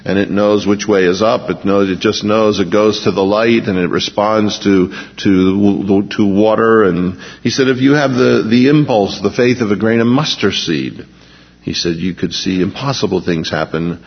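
A man preaches in a relaxed, conversational way, moving between scripture reading and homely stories. His voice is a little husky and sounds dull and lo-fi, with a long reverb trailing through a large hall. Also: lowish voice, normal speed. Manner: conversational, storytelling with asides. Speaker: pastor. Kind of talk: sermon.

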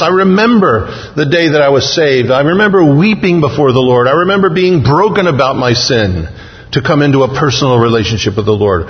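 Guy preaching, earnest and slow on the big words, long echo, kinda muffled sound. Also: fairly high pitch. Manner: earnest, repetitive preaching cadence with slow emphatic phrases. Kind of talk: sermon. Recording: dull, muffled audio with long reverb.

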